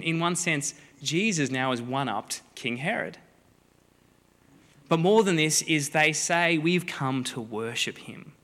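A man preaching a sermon, a lively, joking storyteller who acts out the people in the story. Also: on the high side. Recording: long hall reverb.

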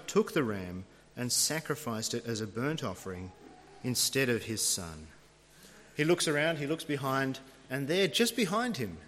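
A man's voice: mid-range voice, fairly bright tone. A man preaching a sermon, retelling a scripture story in a dramatic storytelling manner. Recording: long reverb of a large hall.

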